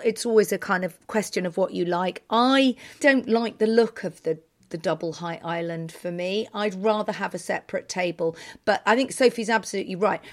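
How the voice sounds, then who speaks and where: A woman co-hosting a design podcast, giving casual, opinionated advice in a relaxed chatty way. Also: medium pitch. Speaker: co-host of interior design podcast.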